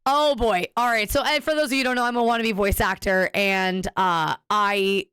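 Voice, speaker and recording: A woman's voice: medium pitch, steady tone, normal speed, a bit bright, clean tone, dry recording, studio quality. A woman streamer chatting casually with viewers, rambling and cutting herself off mid-sentence as she tells a story. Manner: rambling, self-interrupting storyteller.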